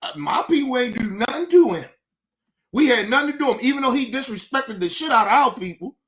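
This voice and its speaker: High-pitched, profane ranting man. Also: animated, fairly quick, fairly bright tone. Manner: profane, combative, taunting. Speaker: host. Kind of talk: livestream commentary rant.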